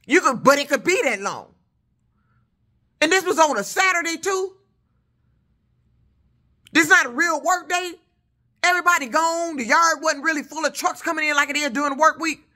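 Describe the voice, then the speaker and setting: A truck driver woman rants in a loud, high voice. She tells her story with heat and plenty of cussing. Her tone is bright and forceful. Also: moderate pace, long pauses. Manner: loud, heated, profane storytelling. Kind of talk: casual vlog rant.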